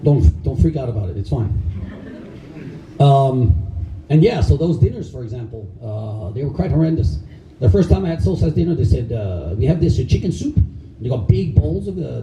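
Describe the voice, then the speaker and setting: A middle-aged man with a very dark, mellow voice tells lively stories to a crowd. He laughs often and acts out the people in his stories. The sound is echoey and a little distant from the mic, with faint noise behind him. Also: medium pitch. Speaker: karate instructor telling stories at a camp. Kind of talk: storytelling to a live audience. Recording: echoey room, voice far from mic.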